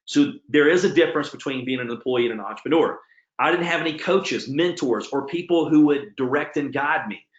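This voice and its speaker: A man's voice: mid-range voice, fairly bright tone. A middle-aged man giving a motivational talk, telling his story emphatically and speaking straight to his audience. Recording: echoey, dull lo-fi room sound.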